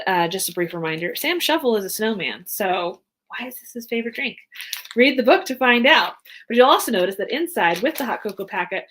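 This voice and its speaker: A woman's voice: medium pitch, a bit bright, rough recording. Chatty woman rambling with fillers. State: voice going hoarse. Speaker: author hosting a live stream. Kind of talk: casual live-stream chat while packing boxes.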